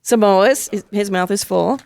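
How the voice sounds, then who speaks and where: Creaky-voiced woman radio host. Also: mid-range voice, unhurried, a little mellow. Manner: playful, chatty, upbeat. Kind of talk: casual on-air interview. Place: radio studio.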